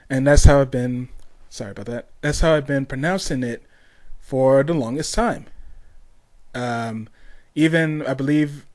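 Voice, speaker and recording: A man's voice: mid-range voice, a little mellow. A young man hosting a casual solo podcast, rambling along with lots of ums, restarts and tangents. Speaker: podcast host.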